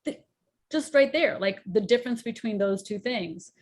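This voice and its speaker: A woman co-host in casual chat, animated and acting out examples in different tones. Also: on the high side, normal speed. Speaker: co-host, children's show songwriter.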